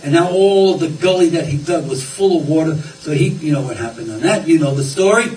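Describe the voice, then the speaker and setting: Man, preacher, folksy sermon, fairly high voice, echoey hall, distant mic. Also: brisk, a little mellow, a little hiss or hum. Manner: folksy, conversational, repeats words. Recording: roomy, distant, faint ambience.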